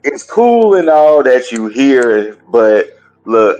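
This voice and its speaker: A man hosting a gaming and wrestling podcast, casually recapping a show in a colloquial, chatty way and pausing now and then to cough. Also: mid-range voice, sing-song, darkish tone, dull audio, soft background music.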